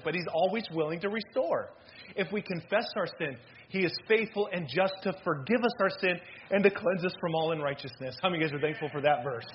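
A man preaching an animated sermon as pastor, swinging between loud and hushed delivery. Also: high-pitched, fast talker, lo-fi sound, slight background noise.

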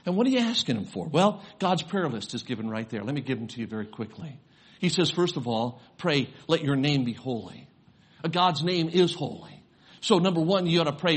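A man's voice: medium pitch, very animated, brisk, husky. An older man, a grandfather and pastor, preaching a sermon, telling a personal story and rising to fervent preaching.

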